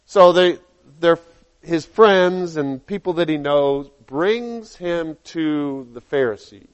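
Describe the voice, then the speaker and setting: A man preaching a sermon, reading scripture aloud and acting out the people in it with lively changes of voice. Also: fairly high pitch, takes it slowly, clear, resonant tone, dull audio. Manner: animated, acts out dialogue in quotes.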